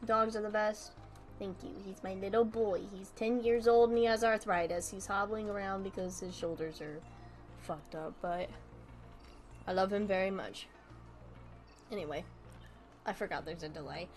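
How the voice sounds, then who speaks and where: A woman's voice: mid-range voice, steady tone, moderate pace, long pauses, faint music behind. A young woman streamer chatting casually while she draws. She rambles, swears freely and laughs often. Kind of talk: casual chat while drawing.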